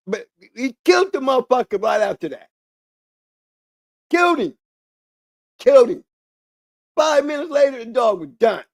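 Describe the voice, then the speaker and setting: A man with a notably high speaking voice, talking in a loose, rambling monologue as a channel host. He stresses his points by repeating words and restarting sentences. The sound is dry and close, with no room echo. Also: creaky. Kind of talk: casual monologue.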